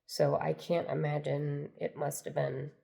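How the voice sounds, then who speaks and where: A woman's voice: sits low, little pitch movement, a little slow, gravelly, warm tone. An older woman telling a personal story to camera in an earnest, meandering way that circles back and repeats itself. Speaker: spiritual storyteller.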